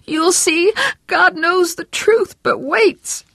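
A reader voicing a fervent, desperate religious wife in her fifties who preaches and pleads in a high, strained voice. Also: takes it slowly, gravelly, fairly bright tone, no room sound, clean studio sound, full character voice. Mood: tearful prophecy. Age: 50s.

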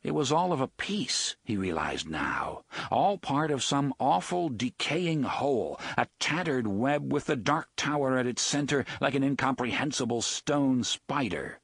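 A man giving an expressive, dramatic audiobook narration on a close studio mic. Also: mid-range voice, a little slow, vocal fry, hardly any pauses, breathy edge, no echo.

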